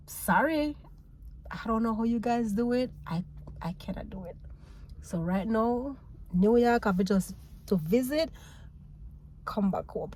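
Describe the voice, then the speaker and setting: A Jamaican woman vlogging, telling a story in a casual, animated way, laughing often and mixing patois with English. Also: medium pitch, slightly rough.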